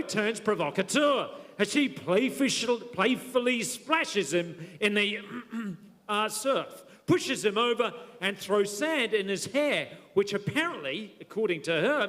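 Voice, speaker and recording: A man with a notably high voice hosts a school concert, cracking teasing jokes between acts. He calls out loudly to the room. The sound rings with the long echo of a large hall. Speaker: master of ceremonies. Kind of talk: jokey stage announcing. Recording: echoey hall over a PA.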